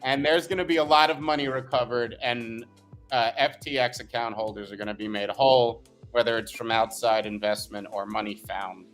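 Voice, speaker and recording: A man's voice: mid-range voice, fairly even intonation, normal speed, a bit bright, soft background music. Emphatic, opinionated podcast co-host man. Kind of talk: casual podcast chat.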